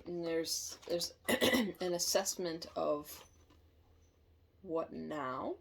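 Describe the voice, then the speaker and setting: A woman giving a casual tarot reading, chatty and thinking aloud, quick to laugh. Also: deep voice, fairly even intonation, vocal fry. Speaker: tarot reader.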